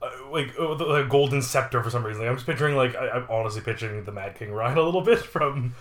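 A man's voice: mid-range voice, fast talker, roomy sound. A man co-hosting a casual podcast, playful and jokey, trailing off with fillers as he talks. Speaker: podcast co-host. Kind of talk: casual chat.

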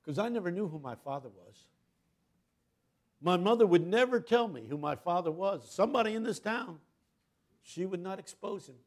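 An older man giving a sermon as a guest preacher, telling a story dramatically, dropping to a hush and then rising loud as he acts out the people in it. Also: high voice, lively intonation, moderate pace, long pauses. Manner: dramatic storyteller, swings from hushed to loud, acts out quoted voices.

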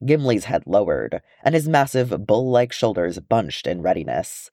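A man reading a story aloud with expressive delivery. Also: lowish voice, a little slow, few pauses, no room sound, clean studio sound. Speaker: audiobook narrator. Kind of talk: reading fan fiction aloud.

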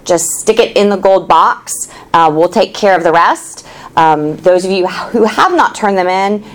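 A woman with a slightly low voice gives an upbeat, explanatory announcement to residents. She is a staff member and speaks casually.

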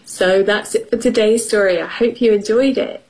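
A woman reading a children's story aloud on a radio show, animated and slow, with light laughs between lines. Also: mid-range voice.

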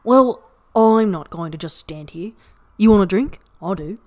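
A woman's voice: mid-range voice, lively intonation, measured pace, a little mellow, lightly acted. Brief: breezy, restless young man who rambles offhandedly, as a woman reads him in a podfic. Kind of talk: podfic reading.

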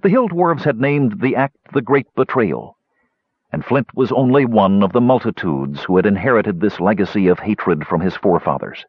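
A man with a low, husky voice narrates a fantasy novel in measured storytelling. His pitch moves expressively through the lines. The recording sounds dull and dry. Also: lively intonation, no echo. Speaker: audiobook narrator. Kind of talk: scripted narration.

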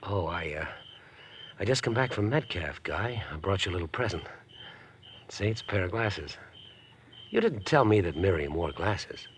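An actor playing an unhinged, smooth-talking young man in an old radio drama, with a husky, insinuating manner. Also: sits low, very animated, moderate pace, pauses often, a little hiss or hum. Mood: creepily calm. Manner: insinuating, overly friendly. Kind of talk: 1950s radio drama acting.

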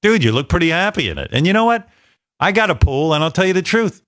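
A man's voice: sits high, big pitch swings, quick pace, a bit bright, dry recording, studio quality. A man hosting a radio show, chatting and joking bluntly with his co-hosts and callers. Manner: blunt, joking, loose with swearing. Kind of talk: casual radio banter.

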